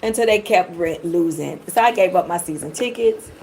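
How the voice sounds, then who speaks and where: A woman's voice: lowish voice, normal speed, creaky, heavy background noise. A middle-aged woman from the Detroit area giving a live tarot reading, chatting and rambling straight to her viewers. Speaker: tarot reader.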